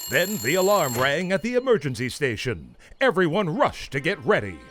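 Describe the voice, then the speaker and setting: A man narrating a children's storybook in an animated, expressive way. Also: fairly high pitch, normal speed. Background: music.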